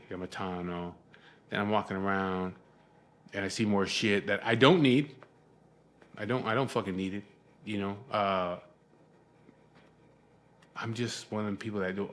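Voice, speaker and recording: A man's voice: fairly low pitch, a bit bright. A man telling a long story in a casual, rambling way, swearing often and sounding exasperated.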